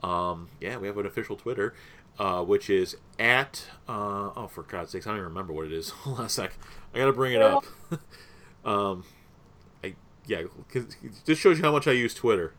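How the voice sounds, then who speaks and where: A man's voice: fairly low pitch, moderate pace, fairly bright tone. A young man co-hosting a podcast in casual, rambling chat, with many fillers. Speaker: podcast co-host.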